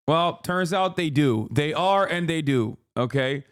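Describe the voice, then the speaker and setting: A man's voice: a little high, animated, a little slow, clean tone, dry recording, studio quality. A man streaming live, reacting to the news in a profane, exasperated rant to his chat.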